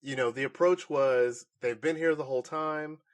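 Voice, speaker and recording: This is a man of middling pitch co-hosting a podcast and talking through a film review. He rambles and restarts, gets animated, and breaks into laughter now and then. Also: normal speed. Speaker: podcast co-host. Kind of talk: casual movie review chat.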